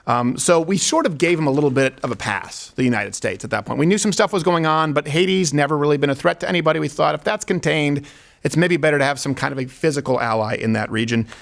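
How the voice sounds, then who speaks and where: Gravelly joking male talk show host. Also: fairly high pitch, quick pace. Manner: joking, rambling, laughs at his own stories. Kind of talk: comedic political talk show.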